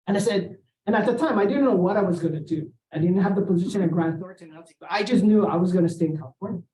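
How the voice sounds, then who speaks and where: Man, middle-aged, from Hawaii, seminar storyteller, acts out quotes, clears his throat, soft warm tone, echoey lecture room. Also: high-pitched, fast. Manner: animated, acts out quoted dialogue, often clears throat and adds "right?". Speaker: seminar speaker. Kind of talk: personal storytelling talk. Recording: echoey room, voice far from the mic.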